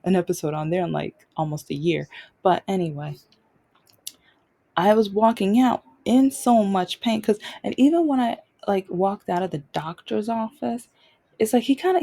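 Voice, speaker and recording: A woman's voice: medium pitch, vocal fry, dark tone, husky. A young adult woman hosting her own show, telling a personal story off the cuff and repeating phrases for emphasis. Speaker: podcast host.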